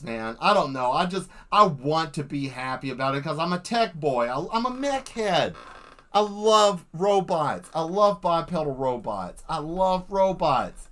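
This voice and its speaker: A man hosting a live art stream, rambling and joking with lots of swearing while he paints. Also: sits high. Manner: profane, animated, jokey, acts out quick voices.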